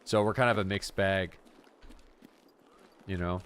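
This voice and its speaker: A man's voice: lowish voice, fairly quick, long pauses, a bit bright, slight background noise. A man from the Canadian Maritimes, a game streamer rambling in laid-back casual chat while playing, swearing freely.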